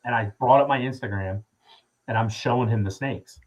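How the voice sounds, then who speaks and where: A man in his thirties with a husky, slightly breathy voice, sitting in as a podcast guest. He tells a long story in a loose, rambling way, full of fillers and casual swearing. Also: medium pitch, fairly quick, a little mellow, poor audio. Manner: profane, rambling with many fillers.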